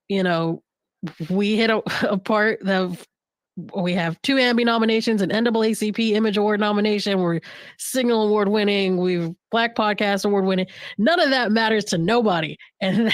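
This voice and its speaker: A woman's voice: mid-range voice, no echo. Candid, joking woman on a panel. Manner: candid, joking, laughs often, restarts phrases. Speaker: podcast network director. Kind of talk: casual panel conversation.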